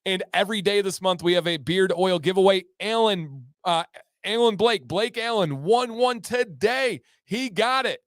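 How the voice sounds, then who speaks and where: A man hosting a casual livestream, reading viewer comments in an upbeat, excitable way with sudden loud whoops. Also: high-pitched, moderate pace, dry recording, clean studio sound. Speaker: livestream host.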